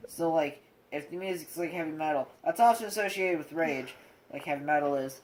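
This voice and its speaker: A young man in casual chat, talking haltingly and searching for words, with many restarts as he explains his own experience. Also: a little high, slight background noise, low-quality recording. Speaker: co-host sharing his experience with autism.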